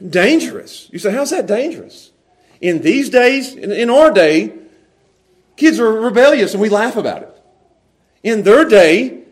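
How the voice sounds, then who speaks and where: Animated high-voiced preacher. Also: male voice. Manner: animated, laughing, repeats words as he goes. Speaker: pastor. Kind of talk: sermon.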